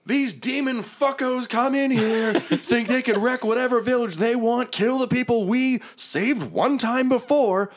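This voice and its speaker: A man voicing a fierce, brash female angel warlord who shouts and swears as she rallies her knights. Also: extremely high pitch, unhurried, hardly any pauses, voice pushed up. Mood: rallying.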